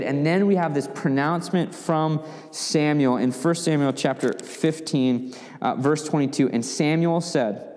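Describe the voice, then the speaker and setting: A man's voice: on the high side, a little slow, darkish tone. A man giving a Bible teaching in a casual, conversational way, often checking in with "right?" as he goes. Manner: conversational, with frequent "right?" asides and restarts. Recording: long reverb, as in a hall.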